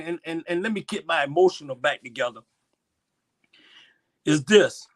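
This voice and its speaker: A man giving impassioned commentary on a livestream, swinging between loud outbursts and quiet asides. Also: on the high side, lively intonation, moderate pace, long pauses. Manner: impassioned, swings loud and soft, repeats himself. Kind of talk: impassioned casual talk.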